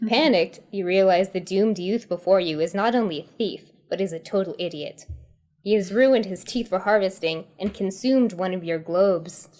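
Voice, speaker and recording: Reading a choose-your-path horror comedy story aloud, this storyteller host frequently dissolves into giggles. Her voice is mid-range and a little mellow, at normal speed.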